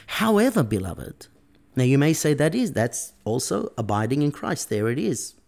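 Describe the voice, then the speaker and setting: A man's voice: mid-range voice, big pitch swings, normal speed, gravelly, darkish tone. A man preaching a sermon, emphatic and stressing key words. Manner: emphatic, varying pace and stress.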